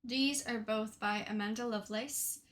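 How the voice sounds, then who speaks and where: With a fairly high, slightly bright voice, fairly even intonation, and normal pace, a young Portuguese woman reviews her tarot decks in a relaxed showcase. She chats freely, using plenty of fillers and "right?", with slight background noise present.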